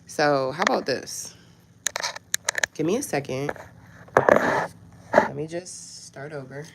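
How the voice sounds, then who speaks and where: Livestream host, female, low-pitched, chatty and exasperated, addressing the audience; noisy home recording with clicks. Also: expressive, slow pace, gravelly. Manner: chatty and frustrated, addressing viewers directly. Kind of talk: casual live chat with viewers.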